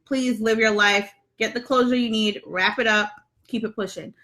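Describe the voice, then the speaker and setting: A woman's voice: fairly high pitch, steady tone, moderate pace, pushed and bright. A young woman hosting an astrology livestream, chatting casually and reading viewer comments with lots of ums. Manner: chatty, laughs often, frequent ums. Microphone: phone.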